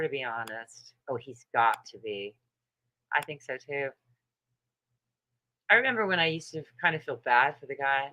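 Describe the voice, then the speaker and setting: With a deep, sharp voice, this thirty-something woman runs a casual livestream, reading comments, gossiping bluntly about others, laughing often and swearing. The recording is low quality.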